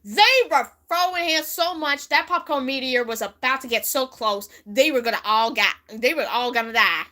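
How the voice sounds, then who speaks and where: A woman's voice: sits high, moderate pace, pushed and bright. A young woman telling a rambling, giggly made-up story on a livestream. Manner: giggly, rambling, breaks into voices and song.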